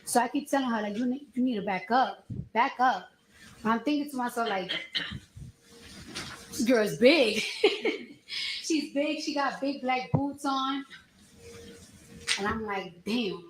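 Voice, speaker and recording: A woman testifying as a witness, retelling events in a lively, slangy way with acted-out quotes. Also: on the high side, moderate pace. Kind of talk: courtroom testimony, storytelling. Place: echoey courtroom. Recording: echoey courtroom with faint noise.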